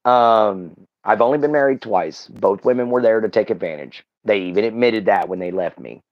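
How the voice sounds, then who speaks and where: A man's voice: on the low side, moderate pace, dull audio. A man with a Southern Texan accent, talking as a livestream guest in casual chat, earnest and rambling with fillers and restarts. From Southeast Texas.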